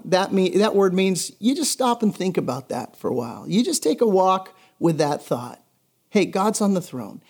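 A man's voice: high voice, a little mellow. A middle-aged male pastor giving a sermon in a conversational, emphatic way, often repeating himself for stress.

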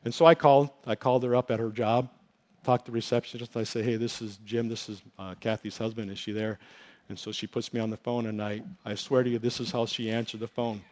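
A man's voice: mid-range voice, level tone, fast talker, a little mellow. A middle-aged male pastor giving an earnest, emotional testimony in a sermon, telling his story with many fillers and restarts.

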